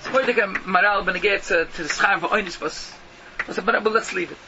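Here a man with a high voice and a fairly quick pace gives an emphatic Torah talk as a rabbi, yeshiva style. Rhetorical questions and Yiddish and Hebrew terms fill the lecture, and the lo-fi recording sounds muffled with noticeable noise.

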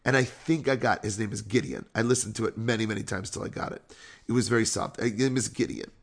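A man, a rabbi, telling a story in a lively, conversational sermon. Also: fairly low pitch, fast talker, creaky.

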